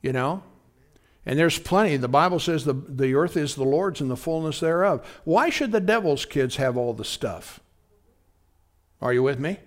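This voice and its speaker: During a midweek sermon, a male pastor preaches in an easy, conversational manner, his voice pitched a little higher than most men's. He speaks at a moderate pace with lively intonation and keeps asking the congregation whether they're with him.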